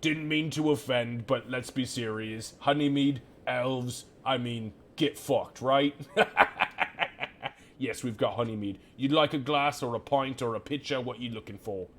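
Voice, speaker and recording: A man's voice: medium pitch, measured pace, lightly acted. A man voicing a huge, crude half-orc barkeep who is boisterous and swears freely. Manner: boisterous, profane, blustering.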